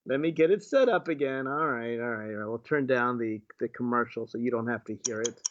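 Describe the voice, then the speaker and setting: A state delegate hosts a livestream, playing clips and mocking them with sarcastic commentary packed with rhetorical questions. His voice is medium-pitched and a little fast, and the dull lo-fi stream audio carries background noise.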